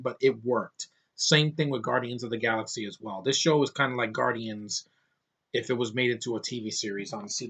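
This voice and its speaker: A man's voice: medium pitch, fairly bright tone. A man casually reviewing a TV episode, rambling and enthusiastic with lots of fillers and restarts.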